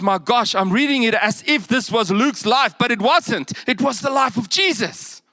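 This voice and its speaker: A man preaching a sermon, animated, with humorous asides and bursts of emphasis that drop to quiet. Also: sits high, dry recording.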